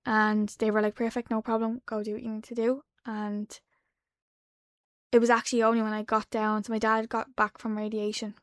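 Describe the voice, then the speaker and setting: A woman in her twenties with an Irish accent, a podcast guest telling a personal story in a soft, halting way that drops to a hush. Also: a little high, flat delivery, no echo, studio quality. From Ireland. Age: 20s. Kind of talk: emotional personal account. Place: podcast studio.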